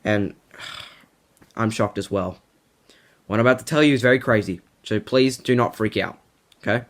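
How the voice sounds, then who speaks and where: A man's voice: on the low side, moderate pace, a bit bright. A man talking casually to his viewers in a vlog, rambling with lots of filler words and mock-dramatic build-ups. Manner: rambling, heavy on "like" and "um". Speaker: YouTuber.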